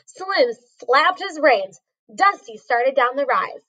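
A woman's voice: high voice, expressive, slow, a bit bright, muffled recording. A woman reading a storybook aloud, carefully, with a few small slips. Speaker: reader.

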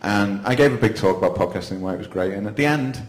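A low-pitched man addresses a live audience in a casual, self-deprecating way. Laughs break into his talk now and then. The room gives the voice a noticeable echo. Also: fast talker. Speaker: panel speaker. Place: event venue, indoors. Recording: echoey room.

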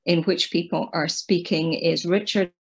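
Woman on a video call, low gravelly voice, lots of ums, chairing a panel. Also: steady tone, rough recording. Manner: measured, hesitant with many fillers. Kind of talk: online round-table moderation.

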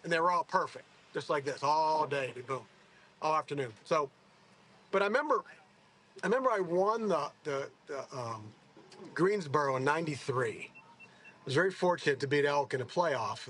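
A man's voice: fairly high pitch, moderate pace, a little hiss or hum. A man in his sixties telling rambling stories in a casual interview, correcting himself as he goes. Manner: rambling, self-correcting, animated. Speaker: golfer.

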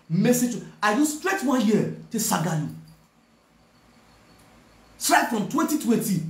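A man's voice: high-pitched, darkish tone, echoey room. A man speaking with a Nigerian Pidgin accent, scolding someone directly in a repetitive, confrontational rant. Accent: Nigerian Pidgin English. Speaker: online video presenter. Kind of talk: ranting direct-to-camera message.

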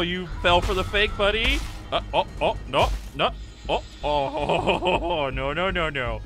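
A man giving excitable gameplay commentary, yelping, taunting and repeating phrases as he plays. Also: high-pitched, slow pace, creaky. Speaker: gaming YouTuber. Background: game music.

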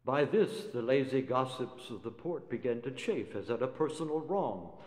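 A man reciting a narrative poem in a measured, theatrical manner. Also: medium pitch, expressive, darkish tone. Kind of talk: dramatic poetry recitation. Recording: roomy hall reverb.

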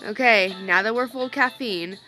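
A woman's voice: mid-range voice, moderate pace, sharp tone, faint music behind, natural voice. A woman voicing a teasing young father in a game, joking with his daughter about breaking the rules. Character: playful rebellious young dad.

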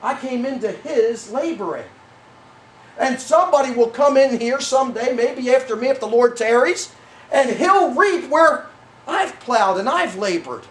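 A man's voice: very high-pitched, expressive, a little slow, fairly bright tone, slight background noise. A middle-aged man preaching a sermon as pastor, rambling and correcting himself with many fillers. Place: church sanctuary. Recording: roomy church sound from a distant mic.

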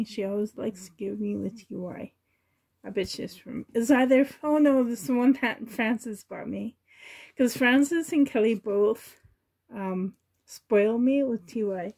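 A woman chatting to herself and her viewers while sorting doll clothes, sentimental and softly laughing. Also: a little high, slightly rough. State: emotional, choked up. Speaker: reborn doll collector vlogger.

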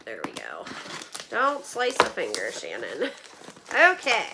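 A woman's voice: medium pitch, wildly swooping pitch, slow, gravelly, pauses often, noisy background. A woman vlogger chatting casually to her viewers while opening donations, gushing with thanks and saying "like" and "oh my gosh" a lot. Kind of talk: casual live chat to viewers.

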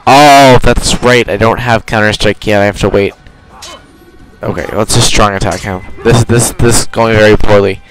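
A man's voice: lowish voice, a bit bright, rough recording. A young man casually commenting while he plays a video game, rambling and correcting himself as he goes. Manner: rambling, self-correcting, chatty. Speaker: gamer. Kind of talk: casual let's play commentary.

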